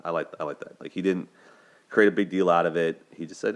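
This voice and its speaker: A man's voice: sits low, quick pace. A young man hosting a solo video, talking through a film's relationships in an earnest, conversational way. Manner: earnest, conversational, repeats words when restarting. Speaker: host discussing relationships.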